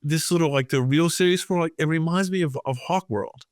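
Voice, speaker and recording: A man co-hosting a podcast, retelling a comic plot in a halting, filler-heavy way. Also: a little high, dry recording, studio quality. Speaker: podcast co-host. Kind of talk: casual comics discussion.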